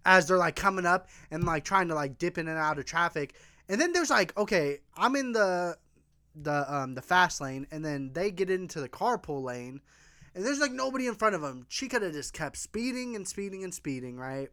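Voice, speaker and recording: A young man telling a profane, animated road-rage story in casual podcast chat. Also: high-pitched, no echo, studio quality. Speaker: podcast co-host. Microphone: desk mic, tilted.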